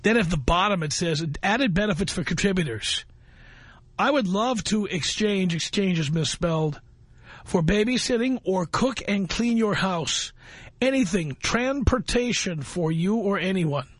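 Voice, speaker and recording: A man's voice: high voice, animated, unhurried, slightly rough, no room sound. A man hosting a talk radio show, reading a listener's message aloud and mocking it with sarcastic scolding.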